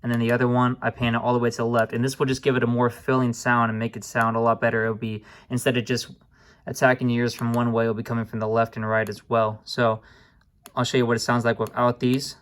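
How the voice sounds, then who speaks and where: Flat-toned young man explaining software. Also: medium pitch, quick pace. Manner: laid-back, addresses viewers as guys, apologizes for slips. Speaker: music production tutorial host. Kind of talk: casual screen-recorded tutorial.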